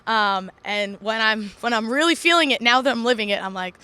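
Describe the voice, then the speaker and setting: Bright, high-voiced young woman wrestler. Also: moderate pace. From Long Island, New York. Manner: animated, laughing, self-deprecating. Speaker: guest, professional wrestler. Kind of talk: casual interview chat.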